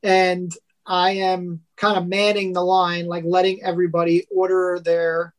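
A man with a thick New York accent, a podcast guest telling stories in a halting way, often restarting and laughing. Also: high-pitched, monotone. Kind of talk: casual interview chat.

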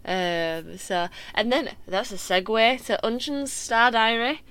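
A woman co-hosting a casual podcast chat, gushing and excitable as she talks about her favourite acts. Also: a little high, slow, clear, resonant tone. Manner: gushing and excitable fan talk. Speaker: podcast co-host.

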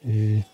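A Scottish man in his forties, hosting a casual film podcast in a relaxed, chatty way with plenty of fillers. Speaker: podcast host. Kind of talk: casual film commentary chat.

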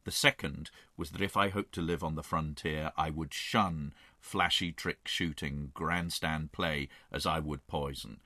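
A man's voice: a bass voice, fairly even intonation, a little slow, few pauses, bright, forceful tone, no room sound, clean studio sound, voice pushed down, heavily acted. A man reading out a quote as an old frontier lawman, putting on an American accent. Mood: grave. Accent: American, put on.

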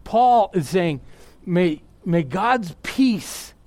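A middle-aged male pastor preaches excitably, erupting into yells before falling back to a quiet, intimate tone. His voice is high and very slow, and the recording has no echo.

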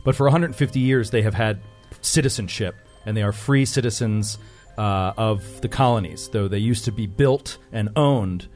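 A man's voice: on the low side, normal speed, a little mellow, faint music behind. A man playing in a tabletop game, explaining the setting's lore in a loose, thinking-aloud way. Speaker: player.

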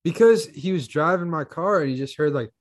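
A man's voice: a little high, fairly quick. Rambling young man on a podcast. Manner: rambling, filler-heavy, swearing. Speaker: podcast co-host. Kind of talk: casual chat.

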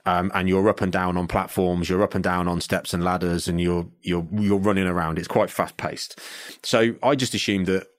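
A middle-aged man spins a long story in casual chat. His voice sits very low, and the recording is dry and close. He restarts his sentences often and slips into the voices of the people he quotes. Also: fairly even intonation, moderate pace, hardly any pauses, no room sound. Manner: chatty, restarts often and acts out other people's lines.

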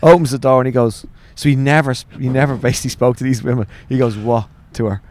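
An Irish man in his forties tells family stories in a loose, swearing style and laughs through the punchlines. He keeps an ordinary mid-range pitch and often slips into quoting his father. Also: fairly even intonation, fast talker, a little mellow, a little hiss or hum. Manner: swearing, laughing anecdotes with acted quotes. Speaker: guest, author. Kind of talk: casual storytelling interview.

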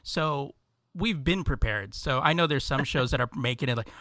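A man's voice: medium pitch, normal speed, bright, forceful tone, no echo. Male podcast co-host, casual, giggly and easygoing; dry close recording. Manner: laughs often, easygoing, rambling. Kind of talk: casual chat. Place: at home.

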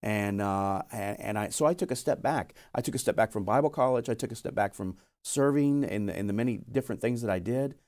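A young man talks a little fast with few pauses, his fairly low voice darkish in tone. Interviewed as a missionary guest, he gives an earnest testimony of his call to missions, telling it as a story with acted quotes.

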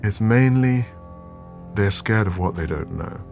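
A man's voice: lowish voice, expressive, a little slow, music in the background. A man, a photographer telling a story thoughtfully in an interview and often repeating words as he gathers his thoughts. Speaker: photographer guest.

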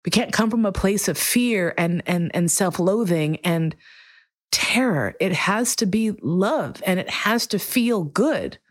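A woman hosting her own podcast, speaking earnestly and emotionally to listeners, with frank, profane warmth. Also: medium pitch, lively intonation, a little slow, no echo, studio quality. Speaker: podcast host. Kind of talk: heartfelt solo podcast monologue.

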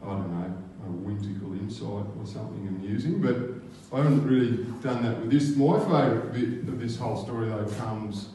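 A man's voice: on the low side, fairly quick, hardly any pauses, mellow, slight background noise. An Australian man telling a true story on stage at a live event, rambling and casual and swearing freely. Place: live arts venue stage. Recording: roomy live hall from a distance.

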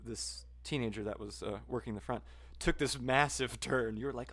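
Male podcast co-host, mid-pitched voice, easygoing listener who laughs a lot. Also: normal speed, a bit bright, no room sound. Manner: supportive listener, laughs often, short replies. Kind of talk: casual chat.

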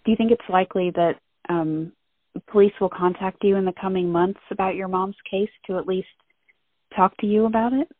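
Female interviewer, calm and careful; tinny dry line. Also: mid-range voice, brisk, no echo. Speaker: podcast host. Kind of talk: interview question.

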